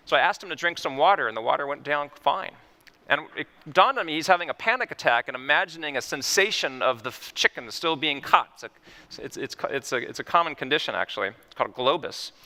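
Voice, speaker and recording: Guy doctor giving a stage talk, lively stories, pretty high and bright tone. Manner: animated, vivid storytelling. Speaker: physician speaker. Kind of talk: conference keynote storytelling.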